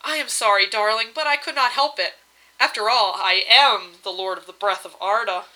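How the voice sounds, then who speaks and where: A woman's voice: medium pitch, moderate pace, sharp tone, lightly acted, low-quality recording. A woman reading aloud, voicing a mighty but meek husband who answers apologetically and eagerly. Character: mighty wind-lord husband, meek and hasty.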